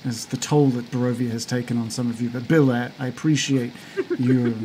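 A grieving young stranger, formal and stiffly polite, as a man plays him at the table. The voice stays mid-pitched and close to a normal speaking voice, with faint noise behind it. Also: fairly even intonation, fairly quick, mellow, lightly acted, poor audio. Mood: composed, polite.

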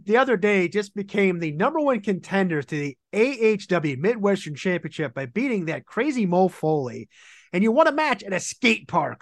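A male interview host asks questions conversationally, his voice fairly high and bouncing up and down a lot. The recording is dry and close. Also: dry recording.

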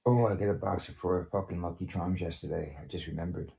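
A man with a very deep voice rambles through a casual group call, dropping curse words as he goes. His talk is loose and unhurried. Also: fairly even intonation, vocal fry, mellow. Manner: rambling, swears often.

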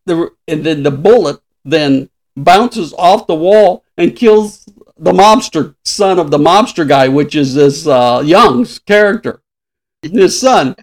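A man's voice: a little high, expressive, takes it slowly. A man in his sixties, a podcast host, chatting casually and laughing often as he retells stories. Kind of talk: casual chat.

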